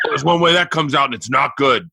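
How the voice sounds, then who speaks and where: A man putting on his gruff father, muttering grim warnings full of curses. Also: brisk, sharp tone, no echo, studio quality, heavily acted. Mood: grumbling. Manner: cursing, low muttering delivery.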